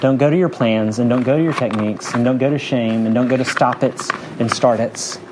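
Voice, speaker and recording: A man's voice: mid-range voice, brisk, background noise. Earnest man preaching a sermon. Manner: earnest, conversational preaching with repeated phrases. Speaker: pastor.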